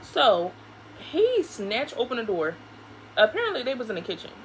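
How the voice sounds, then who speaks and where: A young woman, telling a casual, profane story in an animated way while doing her makeup at home. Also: on the high side, moderate pace. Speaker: vlogger. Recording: noisy home recording.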